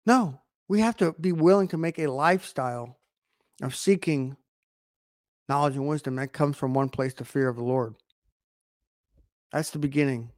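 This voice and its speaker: Male online preacher, fairly high voice, dry close sound, emphatic with rhetorical questions and sudden loud swells. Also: normal speed, long pauses, no room sound. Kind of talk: online sermon to camera.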